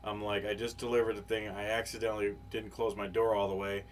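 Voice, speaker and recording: A man's voice: fairly low pitch, little pitch movement, quick pace. A man co-hosting a podcast, telling a long, rambling, profane story in casual chat, full of fillers. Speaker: podcast co-host. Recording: live podcast, faint background noise.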